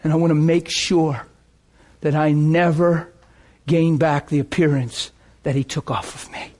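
High-voiced fervent male preacher. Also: steady tone, unhurried. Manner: fervent, emotional, swings from loud outbursts to hushed intensity. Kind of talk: sermon.

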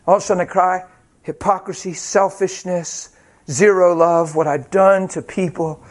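A male preacher with a high voice tells a personal story in a sermon. He is animated and self-mocking, and he acts out each quoted line. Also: normal speed.

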